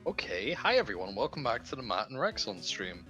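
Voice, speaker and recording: A man's voice: fairly low pitch, sing-song, fairly quick, sharp tone, soft background music. A young man co-hosting a game stream, telling rambling jokes with stumbles and swearing in casual chat.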